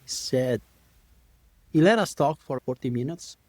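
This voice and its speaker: A man's voice: medium pitch, expressive, unhurried, darkish tone, dry recording. A man who is a company CEO, speaking as a podcast guest in an easygoing, thoughtful way. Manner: thoughtful, easygoing, with short affirmations. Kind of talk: casual interview conversation.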